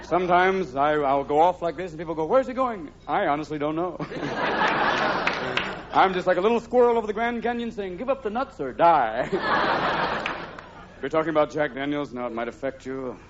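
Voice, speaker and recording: A man's voice: on the high side, expressive, moderate pace, pauses often, heavy background noise. A man performing live stand-up comedy on a theater stage, jumping manically between silly character voices. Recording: lo-fi live recording with loud laughing crowd.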